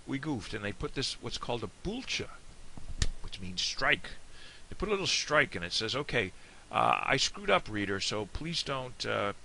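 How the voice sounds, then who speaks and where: A man's voice: mid-range voice, bright, forceful tone. A man with an American accent giving a casual, digressive video lesson. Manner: chatty, digressive. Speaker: Irish language teacher.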